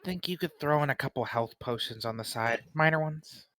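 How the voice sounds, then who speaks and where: A player in a tabletop game, bargaining in a deadpan way. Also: mid-range voice, fairly quick, no echo, clean studio sound.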